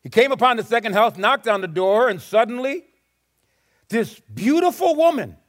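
A man's voice: extremely high pitch, very animated, normal speed. A male preacher telling a Bible story in a sermon, dramatic and repeating his words as he goes.

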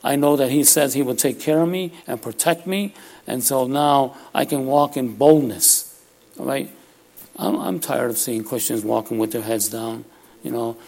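A man with a gravelly edge to his voice preaches a sermon in a loose, conversational style, often stopping to ask listeners "all right?" His pitch is ordinary middle range for a man, and his tone is steady and darkish.

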